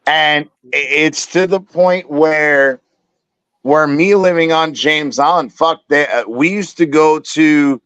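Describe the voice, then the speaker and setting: A man's voice: fairly high pitch, slow pace, a bit bright, clear, resonant tone, no echo, dull audio. A man from South Carolina ranting profanely in casual podcast chat. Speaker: podcast co-host.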